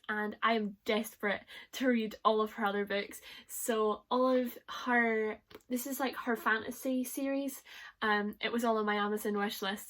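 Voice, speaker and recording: Bright-voiced chatty young woman. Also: a little high. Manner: chatty and excitable, laughs often. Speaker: book vlogger. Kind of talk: casual chat to camera.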